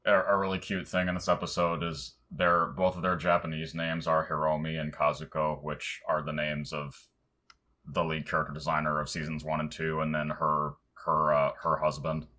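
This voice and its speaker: A man's voice: a bass voice, flat delivery, normal speed, bright, forceful tone. A man co-hosting a podcast in casual chat, giving brief, laid-back replies. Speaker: podcast co-host.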